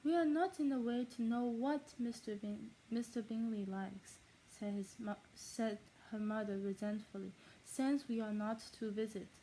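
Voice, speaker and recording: A woman voicing a female reader of a classic novel in a fake German accent, reading aloud haltingly with stumbles and rereads. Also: fairly high pitch, dark tone, a little hiss or hum, natural voice, poor audio. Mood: careful reading.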